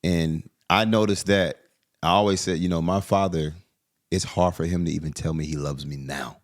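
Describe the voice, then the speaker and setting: A middle-aged man hosts an interview podcast in a relaxed, folksy tone. His voice is very deep, and he reflects out loud and follows up with questions. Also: normal speed. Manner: folksy, reflective, drops sayings and asks follow-ups. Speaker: podcast host. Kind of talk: casual interview chat.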